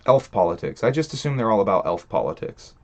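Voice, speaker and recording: A man's voice: on the low side, sing-song, fast talker. A man hosting a livestream, ranting in a casual, rambling way, swearing a lot and laughing between thoughts. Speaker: stream host.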